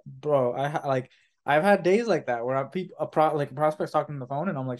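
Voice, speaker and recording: A man's voice: a little high, fast talker. A man co-hosting a casual podcast who rambles, swears freely and slips into mocking impressions of his own inner voice. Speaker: podcast co-host.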